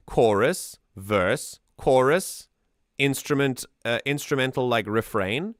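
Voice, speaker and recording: A man's voice: mid-range voice, lively intonation, a little slow, no room sound, studio quality. A man hosting a casual music analysis, explaining things in a chatty way with lots of fillers and restarts. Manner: hums and sings examples to show rhythm.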